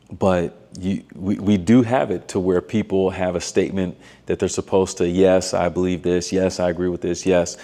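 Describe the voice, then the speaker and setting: Low mellow-voiced man musing on faith. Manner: thoughtful, measured, with frequent fillers and restarts. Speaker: doctoral student and missionary vlogger. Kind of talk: reflective faith talk.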